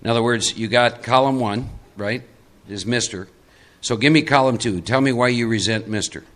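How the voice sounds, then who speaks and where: A man's voice: medium pitch, moderate pace. A middle-aged man from Texas leading a live recovery workshop, coaching audience volunteers into roles and stressing key points with repetition. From Texas, USA. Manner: emphatic, repeats key points.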